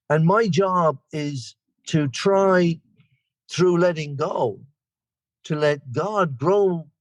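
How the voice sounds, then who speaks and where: A man's voice: fairly high pitch, dry recording. Chatty Irish man in his sixties. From Ireland. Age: 60s. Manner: rambling, self-deprecating storyteller. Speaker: guest speaker. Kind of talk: recovery meeting share.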